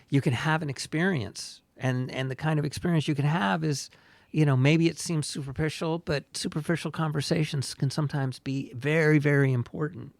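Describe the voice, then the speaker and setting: A man's voice: medium pitch, creaky, dry recording. A man co-hosting a friendship podcast, talking casually and rambling with lots of fillers and restarts. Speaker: podcast co-host. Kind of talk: casual chat.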